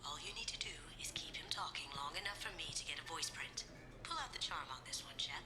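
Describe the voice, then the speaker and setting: An actress playing a sly young master thief in a video game, speaking coolly and often in a quiet, teasing whisper. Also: female voice, deep voice, lively intonation, fast talker, over music. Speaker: game character.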